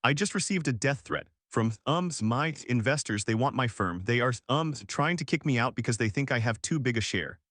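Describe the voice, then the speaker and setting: A shaken, anxious businesswoman, voiced by a man reading a story in a dry, close recording. She stumbles through her words with hesitant pauses. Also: medium pitch, lively intonation, fairly bright tone, no echo. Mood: frightened. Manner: hesitant, halting.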